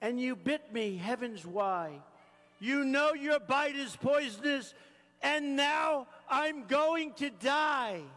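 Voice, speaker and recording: Man doing a kind tender-hearted woman, earnest and exclaiming, high-pitched, recited-poem feel, big hall echo. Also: takes it slowly, sharp tone, heavily acted. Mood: dismayed. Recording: long reverb of a large rally hall.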